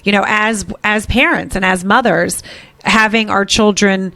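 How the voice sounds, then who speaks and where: A woman's voice: mid-range voice, fairly even intonation, measured pace, sharp tone. A middle-aged woman hosts a casual podcast chat. She has an ordinary mid-range voice and rambles through her stories, full of filler words and restarts. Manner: chatty, lots of filler words, storytelling. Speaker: podcast host.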